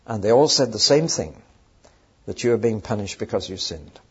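A man voicing a gentle, pious elderly sage who pleads calmly and persuasively. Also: on the low side, moderate pace, slightly rough. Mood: gently pleading. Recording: dull lo-fi recording.

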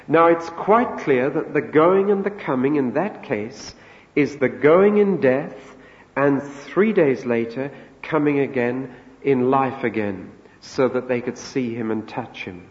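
A man's voice: medium pitch, expressive, slow. A man preaching a sermon in an earnest, storytelling manner, lifting his voice as he voices quoted words. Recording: echoey hall, dull lo-fi sound.

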